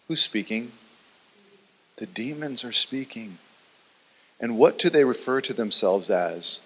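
A male pastor delivers a sermon with dramatic storytelling, sinking his voice low and quiet to draw listeners in. His pitch sits in an ordinary middle range. The sound carries a long reverb from a large hall. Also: animated, measured pace, long pauses, husky.

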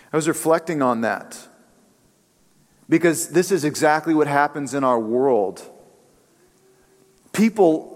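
Man preaching in a reverberant hall. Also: mid-range voice. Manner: conversational preaching with storytelling and fillers. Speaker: pastor. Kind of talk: sermon.

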